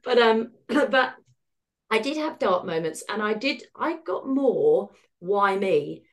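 A middle-aged woman guesting on a podcast talks slowly in a voice on the high side. She tells her story in a candid, wry, animated way, slipping into the voices of people she quotes.

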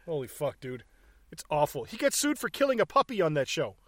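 A man's voice: a little high, very animated, brisk, no echo. A man hosting a podcast, telling stories in casual profane chat and laughing often. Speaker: podcast host.

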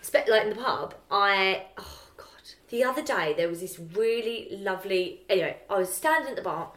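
Woman co-host, mid-pitched, chatty storyteller who swears and laughs at herself. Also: lively intonation, moderate pace, a bit bright. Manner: rambling storyteller, self-mocking, swears often. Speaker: podcast co-host. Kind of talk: casual chat.

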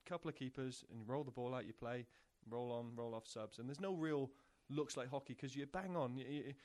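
A man's voice: medium pitch, brisk, a little mellow. Male soccer coach explaining his methods. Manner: explanatory, repeats words when thinking. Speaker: soccer coach and technical director, guest. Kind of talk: casual interview chat.

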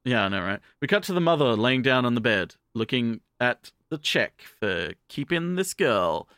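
Guy recapping an anime on a podcast, kinda rambly and sweary, sharp bright voice, dead dry sound. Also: mid-range voice, moderate pace, smooth, no room sound. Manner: rambling, profane, animated retelling. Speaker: podcast co-host. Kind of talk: casual anime commentary.

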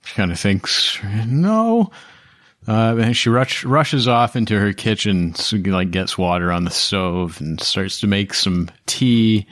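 A man's voice: fairly low pitch, measured pace, few pauses, a bit bright, no room sound, studio quality. A man narrating a tabletop game as game master in a casual, rambling way with laughing asides.

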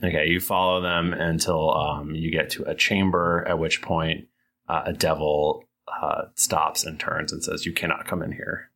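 A man narrating as game master of a tabletop game, in a halting style full of fillers. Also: extremely low pitch, little pitch movement, fairly bright tone.

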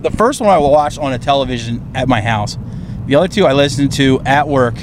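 A man's voice: mid-range voice, a little fast. A man co-hosting a podcast in a moving car, chatting casually and ranting with lots of swearing. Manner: profane, animated ranting. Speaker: podcast co-host. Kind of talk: casual chat. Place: inside a car on the road. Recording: road and car noise.

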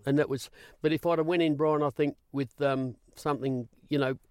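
A man's voice: on the high side, moderate pace, smooth, no echo. A man with an Australian accent, a guest in an interview, telling stories with many "I said" asides. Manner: animated, repeats "I said" while retelling. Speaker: guest, former racing interviewer. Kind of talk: storytelling in an interview.

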